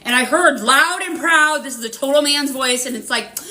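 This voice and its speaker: Bright-voiced woman rambling through a reading. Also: high voice, normal speed. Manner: rambling, profane, full of fillers. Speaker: spiritual reader hosting a live stream. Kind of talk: casual live reading.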